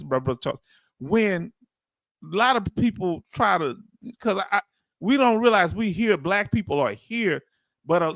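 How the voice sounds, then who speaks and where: A man's voice: high-pitched, a bit bright, dry recording, clean studio sound. A man with a Southern US accent hosting a casual livestream, chatting loosely and calling out to viewers as he reads their comments. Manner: loose, folksy, calls out to viewers. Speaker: livestream host.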